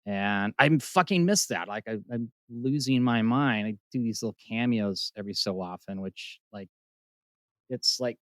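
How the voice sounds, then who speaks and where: Man, podcast host, middle-aged, animated riffing, profane, dry close sound. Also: lowish voice, normal speed, no echo. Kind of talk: casual podcast interview.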